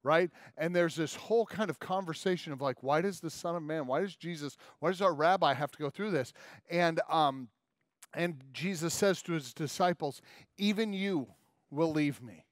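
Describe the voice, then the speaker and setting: A man's voice: a little high, normal speed, dry recording, studio quality. A man preaching a sermon in a church, retelling a scripture story in a conversational way and acting out the voices. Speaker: pastor. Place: church main hall.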